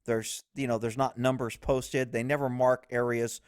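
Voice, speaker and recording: A man's voice: mid-range voice, flat delivery, moderate pace, smooth, dry recording. Blunt profane man commenting, dry close sound. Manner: blunt, profane, laughs easily. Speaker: police video commentator. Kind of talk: casual video commentary.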